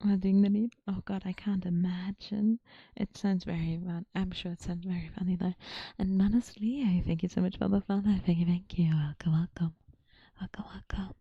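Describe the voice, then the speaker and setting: A woman chatting with viewers in a soft, breathy ASMR whisper. She talks slowly and murmurs, often repeating her phrases. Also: fairly low pitch, fairly even intonation, no room sound, dull audio. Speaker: ASMR streamer. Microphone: close mic.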